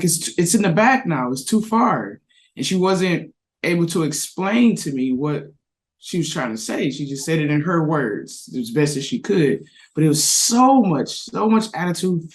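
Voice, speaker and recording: A man on a parenting discussion panel, telling a reflective anecdote with frequent restarts. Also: on the high side. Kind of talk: casual discussion.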